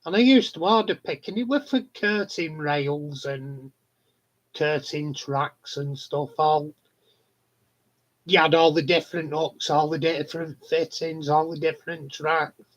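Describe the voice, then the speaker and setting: Slow-talking man, laughing. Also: on the high side. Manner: chatty storyteller, swears freely, laughs often. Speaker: live stream host. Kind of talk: casual chat. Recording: dull lo-fi sound.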